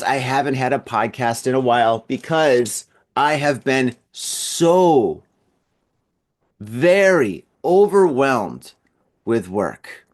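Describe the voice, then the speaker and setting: A male podcast host talking casually on his own at home, his voice sitting in an ordinary middle register. He wanders from thought to thought, doubles up his words, and breaks into easy chuckles. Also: medium pitch. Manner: rambling, repeats words, chuckles often. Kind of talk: casual solo podcast monologue. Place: at home in an apartment building.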